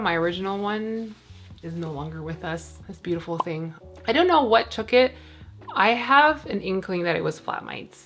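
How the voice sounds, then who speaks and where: A woman's voice: fairly low pitch, a bit bright. A woman chatting casually at home while tending her plants, rambling along with plenty of fillers. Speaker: plant vlogger.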